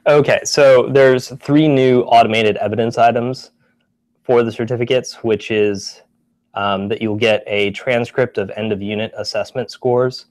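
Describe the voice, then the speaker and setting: A man on staff giving a casual office-hours update, relaxed, with many ums and restarts. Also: medium pitch, unhurried, no echo. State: briefly out of breath. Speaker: staff presenter.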